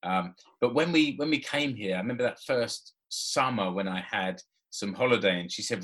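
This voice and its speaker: A man's voice: fairly low pitch, moderate pace, hardly any pauses, fairly bright tone. A man in his forties, a podcast co-host telling a personal story in casual chat, laughing often and restarting his sentences. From Britain. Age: 40s.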